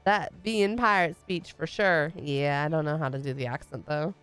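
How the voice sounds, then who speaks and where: A woman's voice: low voice, moderate pace, a bit bright, clean tone, faint music behind. A young woman streaming a game, chatting casually, giggling and swearing. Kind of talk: casual live commentary.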